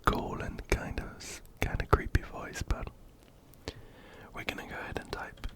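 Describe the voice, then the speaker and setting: A man whispering gently up close into a binaural mic as an ASMR host chatting through a game. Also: normal speed. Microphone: binaural ear-to-ear mic.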